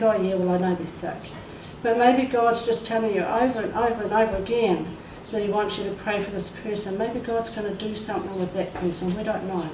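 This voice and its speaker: Heartfelt and emotional, a woman gives her testimony from the pulpit during a church service, acting out quoted voices. Her voice is mid-range and a little mellow. The recording is distant in a reverberant space, with faint noise.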